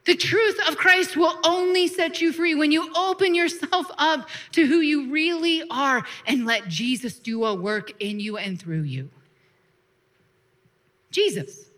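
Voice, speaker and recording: Woman pastor, high bright voice, lively conversational sermon with call-and-response. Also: a little slow. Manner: lively preaching with laughs, call-and-response asides.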